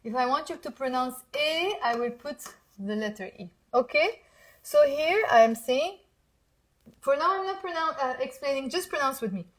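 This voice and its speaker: A woman from Mount Lebanon with a Lebanese accent, speaking in a slightly high, lively voice. She teaches Arabic casually and keeps urging her learners to repeat aloud with her. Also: normal speed. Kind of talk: casual language lesson.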